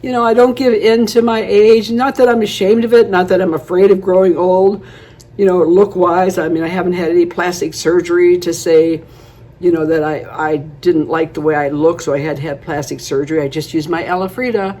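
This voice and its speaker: A woman's voice: fairly low pitch, steady tone, brisk, mellow. A woman in her eighties chatting casually to camera, rambling through stories and laughing often. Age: 80s. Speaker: beauty vlogger.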